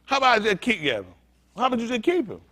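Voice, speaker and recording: Animated male preacher, lively pitch. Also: racing. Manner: animated, joking, talks straight to the congregation. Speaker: pastor. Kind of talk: conversational sermon. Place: synagogue congregation.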